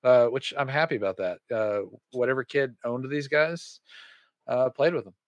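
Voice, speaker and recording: A man's voice: medium pitch, normal speed, dry recording, lo-fi sound. A man hosting a toy podcast in casual chat, rambling and easily distracted, with many uhs and restarts. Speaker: podcast host.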